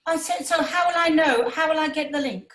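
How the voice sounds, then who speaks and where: A woman's voice: sits high, a little fast, fairly bright tone, echoey room, a little hiss or hum. A woman asking polite, slightly flustered questions on a video call. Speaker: class participant. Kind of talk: casual chat.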